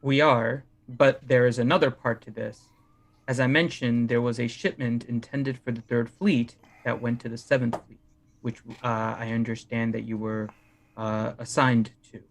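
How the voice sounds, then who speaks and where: A man at mid pitch takes part in a tabletop role-play. He stays in character and speaks in a formal, deliberate way. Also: little pitch movement. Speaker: player.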